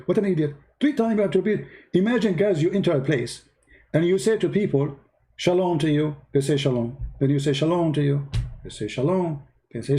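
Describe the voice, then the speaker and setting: A man's voice: a little high, dark tone. Combative, mocking man on a livestream. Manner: mocking, combative, repeats himself. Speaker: live stream host. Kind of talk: heated commentary.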